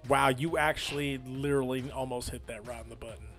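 A man's voice: medium pitch, steady tone, brisk, a bit bright, soft background music. A man in his thirties co-hosting a casual podcast, easygoing and teasing, laughing often. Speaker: podcast co-host. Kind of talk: casual chat.

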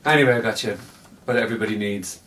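Teasing man, mid-pitched, off-mic. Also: fast talker, fairly bright tone, recorded from a distance, a little hiss or hum. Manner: teasing, banters and swears. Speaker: co-host. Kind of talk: casual chat.

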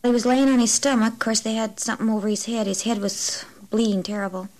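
A woman's voice: fairly high pitch, level tone, a little mellow. Mother telling a painful memory. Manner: emotional, halting retelling. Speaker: mother of an injured boy. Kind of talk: interview testimony.

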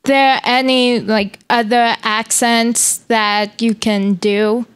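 A woman with a fairly high, smooth and clear voice asks her questions very slowly. She pauses often and fills gaps with hesitant fillers. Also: level tone. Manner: hesitant, many "um"s. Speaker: interview host. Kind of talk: interview questions.

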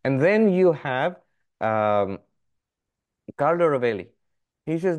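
A middle-aged man, a monk, teaching a philosophy class, explaining step by step with lively emphasis. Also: on the high side, slow pace, pauses often. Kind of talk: philosophy lecture.

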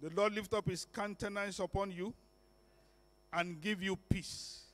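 A male minister pronouncing a church blessing at a service, intoning each phrase slowly and solemnly. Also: sits high, steady tone, a bit bright.

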